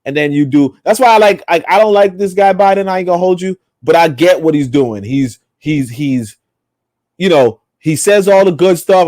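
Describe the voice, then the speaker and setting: A man's voice: sits high, animated, normal speed, darkish tone, no room sound, clean studio sound. A man co-hosting a podcast, talking in a rambling, emphatic, profane way. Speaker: podcast co-host. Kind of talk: casual opinionated chat.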